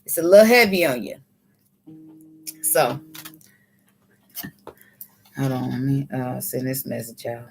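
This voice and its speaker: A woman's voice: very deep voice, animated, takes it slowly, vocal fry, pauses often, darkish tone, soft background music. A woman giving a casual tarot reading, blunt and preachy, swearing freely. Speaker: tarot reader. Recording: faint background noise.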